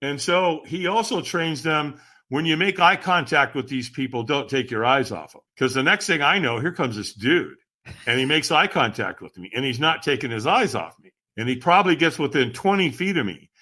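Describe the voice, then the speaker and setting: A man with a fairly high, bright voice recounts a story as a podcast guest. His pitch swings widely and his delivery is dramatic and lively. He often turns to the host while he talks. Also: moderate pace. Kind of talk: animated storytelling.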